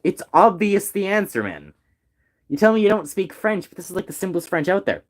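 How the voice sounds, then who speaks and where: A man's voice: high-pitched, big pitch swings, brisk. A young man in casual chat with friends, teasing them in a mock-teacherly way.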